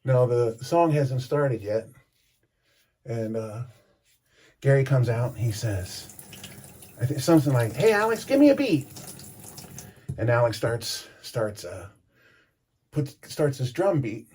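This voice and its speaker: A man's voice: mid-range voice, slow pace, pauses often, mellow, husky. A man telling a rambling story in a casual vlog, stopping to comment as he shaves. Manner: rambling, self-interrupting, chatty. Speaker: vlogger. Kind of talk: casual storytelling while shaving.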